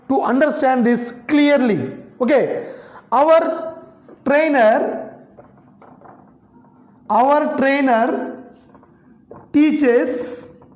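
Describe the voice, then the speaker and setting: A grammar teacher, a woman, spells out example sentences word by word and keeps saying "okay" as she repeats herself. Her voice sits high and moves at an unhurried pace. The sound carries the echo of a bare room. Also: a little mellow. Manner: slow and repetitive, dictating sentences word by word, frequent "okay". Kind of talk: classroom grammar explanation. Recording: echoey room.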